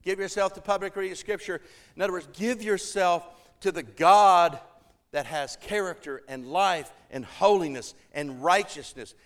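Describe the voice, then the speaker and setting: A man's voice: high voice, normal speed. A man preaching a sermon to a church congregation, earnest and emphatic, building to fervent appeals.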